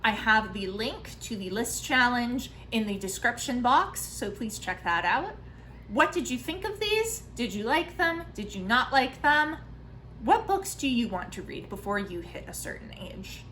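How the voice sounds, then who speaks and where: A woman in her thirties chatting casually in a book vlog, self-mocking and full of quick asides. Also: a little high, very animated, bright, forceful tone, a little hiss or hum, rough recording. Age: 30s. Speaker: book vlogger.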